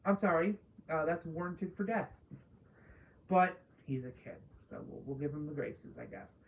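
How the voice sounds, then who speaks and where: A woman's voice: deep voice, expressive, moderate pace, dull audio, a little hiss or hum. A woman casually ranting through a spoiler review of a TV episode, profane and exasperated, mocking characters she dislikes. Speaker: TV show reviewer.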